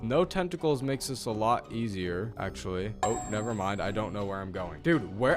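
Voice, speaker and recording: A young man doing let's play commentary on a horror game, talking to viewers, often yelping and shouting. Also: on the low side, expressive, normal speed, few pauses, faint music behind. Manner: jumpy, yelps and shouts often; talks to viewers, mild swearing. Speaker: gaming commentator.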